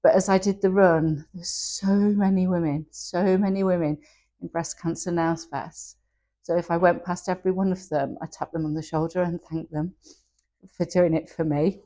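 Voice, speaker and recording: A woman's voice: lowish voice, fairly even intonation, moderate pace, warm tone. A woman, telling her personal story in an interview, candid and emotional, often laughing as she speaks. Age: 60s. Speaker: interview guest.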